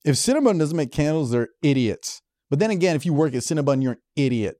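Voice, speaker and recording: A man's voice: on the high side, big pitch swings, fast talker, mellow, dry recording, studio quality. A man co-hosting a comedy podcast, chatting in a rambling, joking way. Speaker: podcast co-host. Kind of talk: casual comedic chat.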